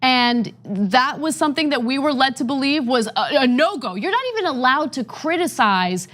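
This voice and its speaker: A woman's voice: sits high, lively intonation, moderate pace, fairly bright tone. A woman hosting political commentary, emphatic and disapproving.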